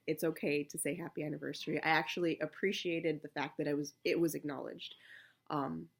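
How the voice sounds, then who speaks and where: A woman in her thirties talking candidly and softly to the camera, with many fillers and pauses. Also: deep voice. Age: 30s. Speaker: vlogger. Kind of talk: casual personal talk to camera.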